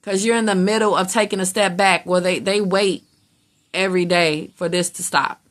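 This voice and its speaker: A woman's voice: on the low side, fairly even intonation, moderate pace. A woman giving a casual tarot reading in a blunt, emphatic way, swearing freely and acting out how other people react. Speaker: tarot reader.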